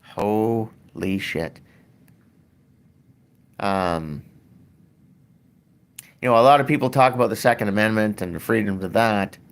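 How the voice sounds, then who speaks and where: Brief: older man, host, blunt profane rant, unhurried delivery. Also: lowish voice. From Canada. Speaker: podcast host. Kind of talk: casual ranting talk.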